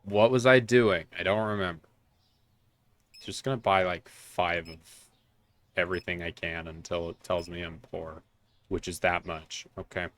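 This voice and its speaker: A man's voice: sits low, fairly even intonation, normal speed, a bit bright, no room sound. A man streaming a video game, chatting casually and rambling in a jokey, self-mocking way. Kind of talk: casual let's-play commentary.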